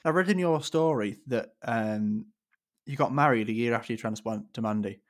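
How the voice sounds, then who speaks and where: A man interviewing a guest, asking questions in a relaxed, conversational way. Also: mid-range voice, moderate pace.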